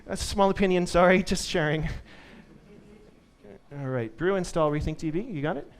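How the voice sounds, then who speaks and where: A man's voice: sits high, normal speed. A man giving a live conference tech talk to an audience, upbeat and joking. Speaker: conference speaker.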